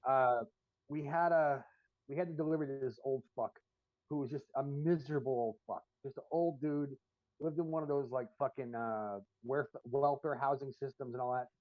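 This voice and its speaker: A man's voice: mid-range voice, steady tone, moderate pace, no echo. A man co-hosting a podcast, telling long, profane, rambling stories full of fillers in casual chat. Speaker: podcast co-host. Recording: dull lo-fi stream audio.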